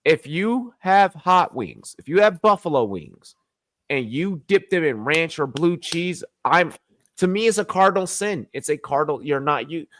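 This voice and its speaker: A man hosting a casual sports talk stream, joking and animated. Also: normal speed, no echo. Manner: animated, joking, swings pitch widely. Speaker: podcast host. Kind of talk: casual chat.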